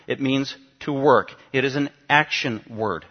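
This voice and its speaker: A man's voice: medium pitch, a little slow, lo-fi sound. A male pastor preaching a teaching sermon to his congregation, emphatic and given to asking them questions.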